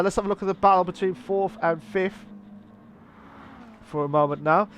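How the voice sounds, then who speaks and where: A man giving live sim racing commentary in an excitable, rambling way, often correcting himself. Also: on the high side, a little hiss or hum. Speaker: race commentator.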